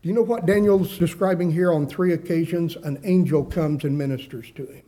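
Preaching man with a mellow voice. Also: on the high side, fairly quick. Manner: preaching with scripture readings, rising emphasis and dramatic quoted voices. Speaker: pastor. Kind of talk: sermon.

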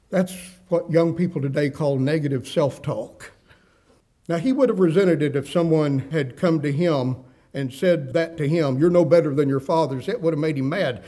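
A man's voice: on the high side, warm tone. A male pastor preaching a sermon, reading scripture aloud and acting out the quoted voices with rising emphasis.

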